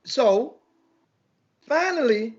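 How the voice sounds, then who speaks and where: A man's voice: extremely high pitch, expressive, drawn-out words, husky, muffled recording. A man hosting a casual sports talk show, telling a long rambling story with many restarts.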